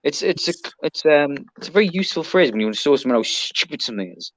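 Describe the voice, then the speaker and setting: A man's voice: a little high, animated, fast talker, a bit bright, no echo, poor audio. A man with an English accent, a podcast guest, chatting casually and rambling with lots of ums and restarts. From Britain. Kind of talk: casual chat.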